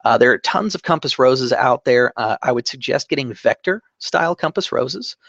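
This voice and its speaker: A man hosting a tabletop game channel, calmly explaining a digital map-drawing tutorial step by step, with fillers and self-corrections. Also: medium pitch, dry recording, dull audio. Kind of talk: screen-recorded drawing tutorial. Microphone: desk microphone.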